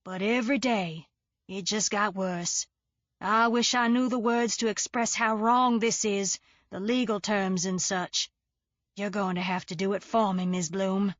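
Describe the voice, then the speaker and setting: A woman voicing an insistent mother with a honey-smooth Southern accent, speaking slowly and emphatically. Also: medium pitch, steady tone, no echo, close to an everyday voice. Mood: pleading. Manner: slow, pleading, emphatic.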